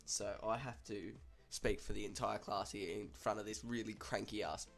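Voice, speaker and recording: A man's voice: lowish voice, fairly even intonation, moderate pace, gravelly, fairly bright tone, soft background music. A young man with an Australian accent casually telling a school story, chatty and swearing freely.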